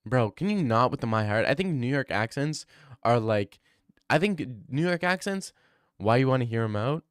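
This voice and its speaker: A man's voice: mid-range voice, lively intonation, normal speed, smooth, no echo, studio quality. Joking man riffing with a chat. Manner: rambling, joking banter with chat. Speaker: streamer. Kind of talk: casual livestream chat.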